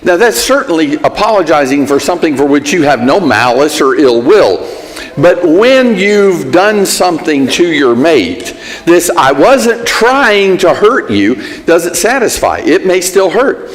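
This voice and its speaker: Man, church class teacher, animated delivery, long hall reverb, conversational and example-driven. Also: on the high side, a little slow. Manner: conversational, gives everyday examples and acts out sample apologies.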